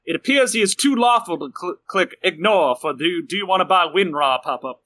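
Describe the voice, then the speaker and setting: Man, tabletop player, joking, high voice, bright tone. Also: animated, a little fast. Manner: jokey, laughs between lines. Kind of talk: casual tabletop game play.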